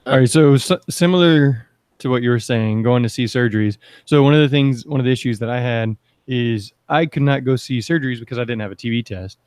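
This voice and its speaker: A man's voice: mid-range voice, brisk, a little mellow, clean tone, no room sound. A man hosting a sports medicine podcast, chatty and upbeat, drifting into side stories before steering back. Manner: chatty, upbeat, rambling asides. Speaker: podcast host. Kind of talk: casual panel discussion.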